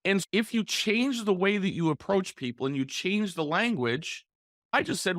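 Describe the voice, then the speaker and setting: A man hosting a solo coaching podcast, explaining sales calls and acting them out with deliberate pauses and shifts in inflection. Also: high voice, big pitch swings, bright, forceful tone, dry recording, studio quality. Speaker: podcast host, real estate coach.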